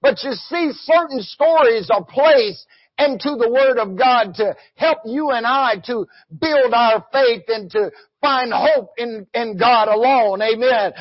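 A man preaching with a strikingly high, husky voice, punctuating the sermon with "amen" and breaking into shouts. The recording is dry and dull, with a muffled lo-fi sound. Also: slow, no echo.

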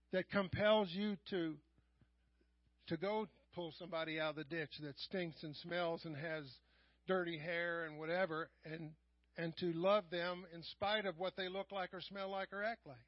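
A middle-aged man preaching a sermon in church, swinging from quiet asides to loud raised passages. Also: sits high, fairly even intonation, normal speed, no room sound. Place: church sanctuary. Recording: dull, lo-fi church live stream.

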